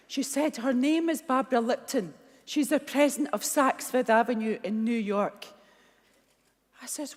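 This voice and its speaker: A middle-aged Scottish woman giving a keynote speech, telling blunt, animated stories and acting out the dialogue. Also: on the high side, moderate pace. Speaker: keynote speaker. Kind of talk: motivational keynote storytelling. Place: large conference hall. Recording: long hall reverb.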